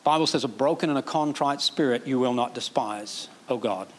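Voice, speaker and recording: A pastor preaching a sermon, animated, acting out quoted prayers in a raised voice. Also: male voice, medium pitch, moderate pace.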